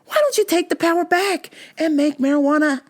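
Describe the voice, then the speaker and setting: A woman's voice: very high-pitched, brisk. A woman hosting a podcast, telling a story in a blunt, profane, exasperated rant. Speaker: podcast host.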